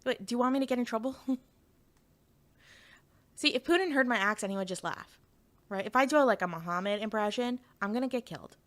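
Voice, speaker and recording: A woman's voice: a little high, a little fast, pauses often, a bit bright. A woman streamer in casual live chat, rambling and giggly with lots of fillers.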